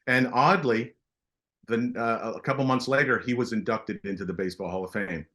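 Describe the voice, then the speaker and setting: A middle-aged man with a fairly low voice tells stories as an interview guest. He talks in an animated way, stopping and restarting his sentences as he goes. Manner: animated, halting storyteller with many restarts. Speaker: guest artist. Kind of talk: casual interview storytelling.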